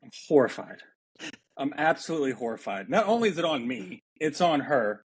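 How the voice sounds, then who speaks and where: A man's voice: fairly high pitch, very animated, brisk, husky, dry recording. A man hosting a podcast and telling a vivid, self-mocking story from his waiter days in a casual chat. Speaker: podcast host.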